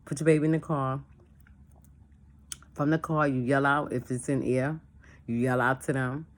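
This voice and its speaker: Her voice is a rumbling low one at a normal pace. In this relaxed, plain chat, a church member guiding a discussion repeats herself for emphasis and animatedly performs phone calls and dialogue while explaining.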